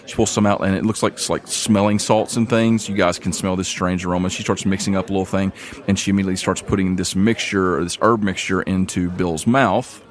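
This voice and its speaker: A man's voice: sits low, fairly even intonation, brisk. A man narrating as game master of a tabletop game, casual and easygoing with frequent uhs and laughs. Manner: casual, laughs between lines, lots of uh.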